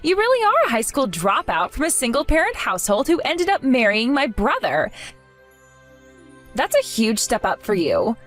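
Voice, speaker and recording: A woman's voice: sits high, huge pitch swings, moderate pace, faint music behind. A woman voicing a smug, condescending young sister-in-law who belittles others in a narrated story. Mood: dismissive. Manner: mocking and belittling. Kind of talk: narrated story role-play.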